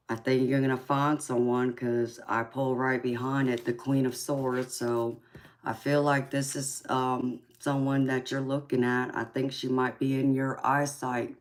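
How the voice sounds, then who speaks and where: A woman in her forties from California hosts a live chat as a tarot reader, speaking in a very deep voice with a Georgia Southern drawl. Slow and sweet-talking, she affectionately calls viewers sweetheart and stretches out her ums during the casual reading, with a faint hiss in the background.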